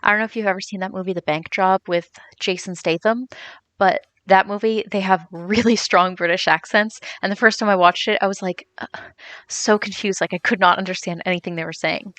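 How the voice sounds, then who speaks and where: A woman's voice: mid-range voice, steady tone, fairly quick, fairly bright tone, no room sound. A young woman streamer chatting casually and rambling as she answers viewers while she plays. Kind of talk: casual chat while gaming, reading chat.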